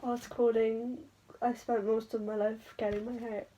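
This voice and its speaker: A young woman chatting excitedly in a reading vlog, reacting to her book and reading passages aloud, her talk full of "like" fillers. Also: fairly high pitch, normal speed, lo-fi sound, a little hiss or hum. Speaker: book vlogger.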